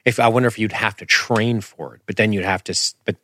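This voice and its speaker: Rambling, animated man, low voice, self-deprecating, sound effects, dry mic. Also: fast, dry recording. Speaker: podcast host. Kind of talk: casual podcast commentary.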